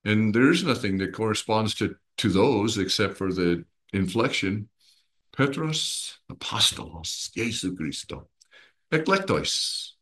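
A man's voice: on the low side, animated, slow pace, fairly bright tone. A man teaching a small Bible study group in a conversational way. He asks his listeners questions and acts out little voices and expressions as he explains.

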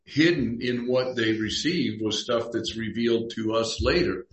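Conversational pastor in an echoey room. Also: male voice, medium pitch, unhurried, slight background noise. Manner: reads scripture aloud and acts out dialogue. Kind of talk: conversational Bible study teaching. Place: church room. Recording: roomy echo.

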